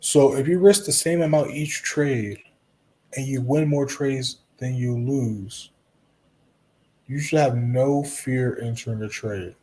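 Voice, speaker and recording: Dark-voiced man streaming casually. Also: medium pitch, slow pace. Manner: relaxed, reassuring, talks straight to viewers with frequent "you know" and "right?". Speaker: live trading streamer. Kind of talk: casual live-stream commentary answering chat.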